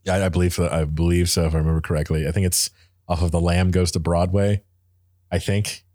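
A man with a very deep, low voice chats casually about music. He rambles with enthusiasm, full of fillers and restarts. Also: level tone, fast talker, a little mellow.

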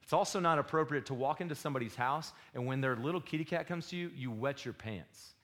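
A man preaching a sermon, swinging between loud exhortation and quiet confession. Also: medium pitch, fast. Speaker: pastor.

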